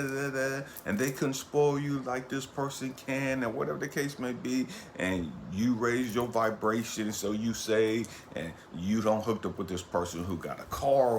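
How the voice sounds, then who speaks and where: A man giving an impassioned motivational monologue as a spiritual coach. He talks in a profane, streetwise preaching cadence, repeats his points, and swings from low murmurs to loud bursts. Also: a little hiss or hum.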